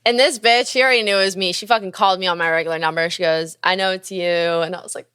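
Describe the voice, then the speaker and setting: A young woman hosting a podcast, telling a candid, profane story about a relationship at a fast clip, laughing often. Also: lowish voice, fairly even intonation, a bit bright, clear, resonant tone. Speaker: podcast host.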